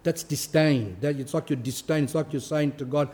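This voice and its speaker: A man who is a priest, giving an earnest sermon with pauses for emphasis. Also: fairly high pitch, fairly even intonation, a little mellow. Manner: earnest, pausing to stress points.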